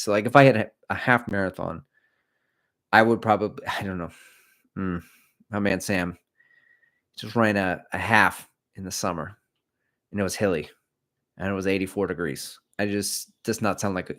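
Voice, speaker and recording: A middle-aged man hosts a casual running livestream. His voice sits a little low, and he rambles from topic to topic, cracks dad jokes and reads viewers' comments aloud. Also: normal speed. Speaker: running channel host.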